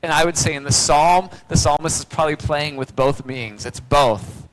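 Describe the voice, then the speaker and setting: A man's voice: fairly high pitch, moderate pace, poor audio. Dramatic male pastor preaching. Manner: swings from loud cries to hushed near-whispers. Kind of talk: sermon.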